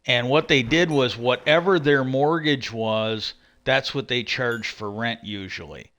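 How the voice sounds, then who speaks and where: Male streamer, casual ranting storyteller, rambling and profane, with a bright voice. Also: mid-range voice, unhurried.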